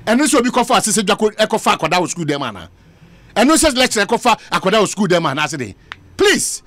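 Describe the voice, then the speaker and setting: A Ghanaian man with a very high, swooping voice rants on a talk radio show, firing off words fast. He mixes Twi and English and argues with passion. The studio sound is close and dry. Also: very animated, a bit bright, no echo. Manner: impassioned, ranting, mixing Twi and English. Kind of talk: heated talk radio debate.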